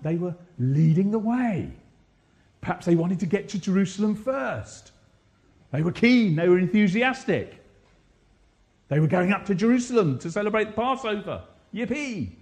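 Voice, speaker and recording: Lively high-voiced male preacher. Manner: animated, asks the congregation questions, rhetorical repetition. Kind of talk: sermon. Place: church.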